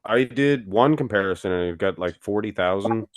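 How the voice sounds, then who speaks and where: Deep-voiced man telling stories. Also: moderate pace, no room sound. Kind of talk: casual chat.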